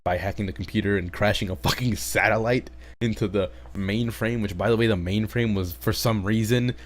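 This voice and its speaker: A man's voice: on the low side, fairly even intonation, a little fast. A man recapping anime episodes in a casual, rambling way, swearing often and trailing into asides. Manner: rambling, profane, full of fillers and asides. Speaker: anime reviewer.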